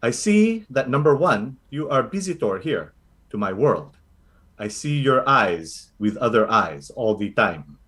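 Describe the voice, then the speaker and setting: A man's voice: mid-range voice, very animated, unhurried, a bit bright. A man voicing a motherly old Filipino grandmother sorceress in a tabletop game, speaking broken English with a Filipino accent and calling everyone honey. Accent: Filipino English, put on. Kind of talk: tabletop role-play voice acting.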